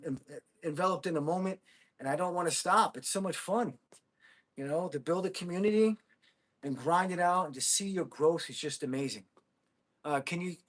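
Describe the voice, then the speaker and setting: An American man hosting a casual livestream, chatting with viewers, thanking them and whooping with excitement. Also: high-pitched. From United States. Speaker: livestream host.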